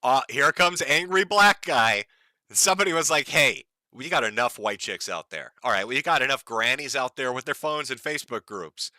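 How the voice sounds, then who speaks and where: A man's voice: mid-range voice, expressive, moderate pace, pushed and bright, dry recording. A man giving profane, mocking video commentary in a sneering, sarcastic rant.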